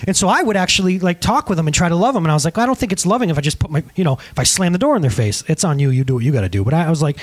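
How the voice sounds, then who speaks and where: A middle-aged male pastor delivers a lively sermon with a high voice that swoops all over. He jokes with the room and acts out the people in his stories. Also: rapid-fire, hardly any pauses. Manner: animated, joking, acts out quotes. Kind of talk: sermon with storytelling.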